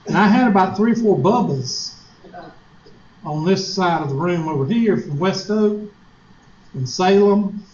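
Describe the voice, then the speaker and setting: A man's voice: sits high, lively intonation, unhurried, pauses often, a little mellow, slight background noise. A man with a Southern US accent, a teacher telling a folksy, joking story to his class. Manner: folksy, joking, mocks nasal voices. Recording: echoey lo-fi classroom recording.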